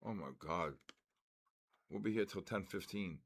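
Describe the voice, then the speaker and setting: An older man hosting a trading livestream, cheerfully calling out raffle winners in a drawn-out announcer way. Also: sits low, fairly bright tone, a little hiss or hum. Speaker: trading stream host.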